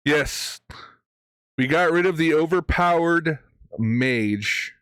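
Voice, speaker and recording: A man's voice: a little high, lively intonation, slow, a bit bright, clean tone, no echo, studio quality. Wry man commenting on a game. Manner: wry, joking asides. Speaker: game streamer. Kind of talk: casual gameplay commentary.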